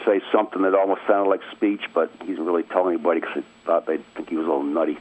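A man with a voice that sits low and carries a breathy edge talks at a quick pace. He's a middle-aged Maine native phoning into a radio show as a guest, recounting a family tale with easy chuckles. The telephone audio sounds tinny and dry.

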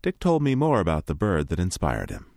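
A male radio host reading scripted narration in a smooth, measured way. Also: low-pitched, wildly swooping pitch, darkish tone, no echo, clean studio sound.

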